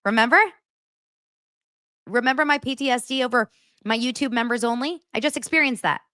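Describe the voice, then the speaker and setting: A woman's voice: a little high, fairly quick, pushed and bright, dry recording, studio quality. A woman hosting a podcast, recapping reality TV in a sarcastic, exasperated way. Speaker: podcast host.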